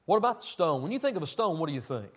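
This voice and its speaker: A man preaching a sermon, swinging between loud emphasis and quiet asides. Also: on the high side, sing-song, racing.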